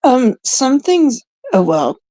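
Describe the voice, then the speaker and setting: A young woman from Canada chatting casually with viewers in a rambling way, now and then dropping into hushed asides. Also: high-pitched, very animated, slow, no room sound. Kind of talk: casual chat.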